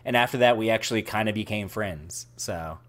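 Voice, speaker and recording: A man's voice: fairly low pitch, a little fast, fairly bright tone. A man co-hosting a podcast in casual banter, telling stories and tossing in "dude". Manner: says dude a lot. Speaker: podcast co-host.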